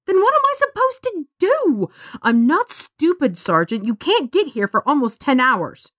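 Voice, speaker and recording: A woman voicing a frightened teenage girl stranded after a crash, with desperate, shrill outbursts. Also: expressive, moderate pace, dry recording, clean studio sound. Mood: panicked.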